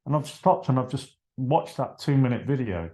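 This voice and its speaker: Animated man telling a story. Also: mid-range voice, moderate pace. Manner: animated, acts out dialogue, trails off. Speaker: podcast guest. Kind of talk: casual storytelling. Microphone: video call.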